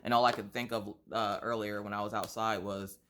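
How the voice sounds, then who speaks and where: This craft vlogger has a very deep voice, a slightly stuffy nose, and speaks a little fast, with a faint hiss or hum in the audio. While coloring on camera she vents theatrically, stacking rhetorical question on rhetorical question. Her tone stays easy and conversational throughout.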